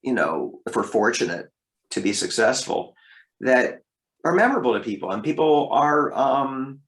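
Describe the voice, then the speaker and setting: A man who works as a voice actor, telling stories from his career as an interview guest, lively and leaping up in pitch for emphasis. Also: normal speed. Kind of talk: interview storytelling. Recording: roomy echo.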